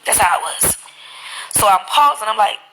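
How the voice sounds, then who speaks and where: A woman live streaming, telling her stories in an animated, profane way into a phone mic. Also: mid-range voice, moderate pace, slight background noise, low-quality recording. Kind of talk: casual live-stream chat.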